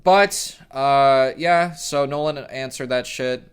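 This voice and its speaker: A man's voice: mid-range voice, takes it slowly, clean tone. A young man telling a rambling, profane story in a casual vlog, often correcting himself. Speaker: storyteller vlogger.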